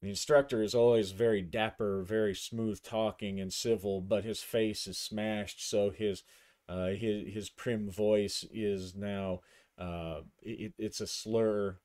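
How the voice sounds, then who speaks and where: A man's voice: fairly low pitch, steady tone, slow pace, darkish tone. A man narrating a solo tabletop game, thinking aloud as he describes the action and his dice rolls.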